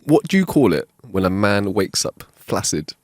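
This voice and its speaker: A man's voice: fairly low pitch, big pitch swings, normal speed, no echo. A man reading out jokes on a podcast with a buoyant, wide-ranging delivery, recorded dry and close. He gives each character in a joke its own voice. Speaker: podcast co-host. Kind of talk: casual joke-telling chat. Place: home studio. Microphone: wireless clip-on mic.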